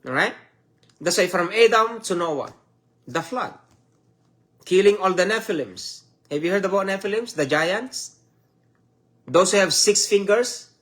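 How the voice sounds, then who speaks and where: A man with a Filipino accent preaching a sermon, slow and emphatic, repeating phrases for his listeners. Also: sits high, lively intonation, a bit bright. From Philippines. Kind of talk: sermon teaching.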